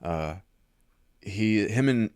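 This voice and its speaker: A man's voice: fairly low pitch, very slow, clean tone, no echo. A man telling casual, profane stories about selling cars, acting out his customers. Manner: animated, acts out customers' voices, swears freely. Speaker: former car salesman, podcast guest. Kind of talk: casual storytelling chat.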